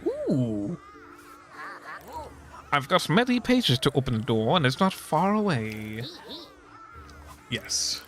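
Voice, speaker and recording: Young male streamer, late twenties, loose and jokey, animated ups and downs, soft game music underneath. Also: fairly high pitch, slow, long pauses. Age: 20s. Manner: playful, joking, laughs often, swears casually. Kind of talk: casual gaming stream chat.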